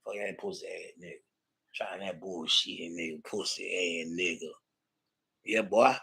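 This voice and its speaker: A man's voice: sits low, steady tone, unhurried, gravelly, pushed and bright, breathy edge, low-quality recording. A man hosting a loose, profane livestream, rambling and laughing with heavy slang. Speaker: livestream host.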